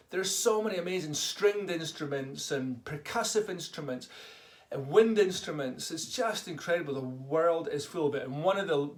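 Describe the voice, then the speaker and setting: A man teaching a tabla lesson to children, enthusiastically calling out drum syllables for them to repeat. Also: on the high side. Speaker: tabla tutor. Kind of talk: online music lesson for children.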